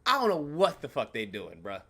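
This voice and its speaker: A man hosting his channel, telling a profane, animated story in a casual rant, laughing and acting out his own reactions. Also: mid-range voice, brisk, husky. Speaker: channel host.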